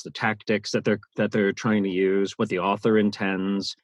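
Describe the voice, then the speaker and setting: An audiobook narrator talks animatedly in an interview, often restarting sentences and repeating words. His voice is fairly low with a breathy edge, recorded with no echo.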